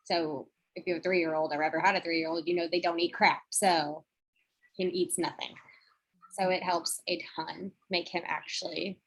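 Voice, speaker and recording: A woman's voice: lowish voice, little pitch movement, normal speed, poor audio. A woman on a video call chatting casually about her toddler, laughing as she talks. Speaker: parent on the team.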